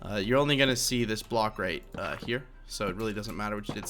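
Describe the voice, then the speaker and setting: A man's voice: on the low side, fast, a bit bright. A young man narrating a game building tutorial in a rambling, chatty way, with lots of fillers and self-corrections. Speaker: Minecraft tutorial creator. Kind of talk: casual game tutorial voice-over.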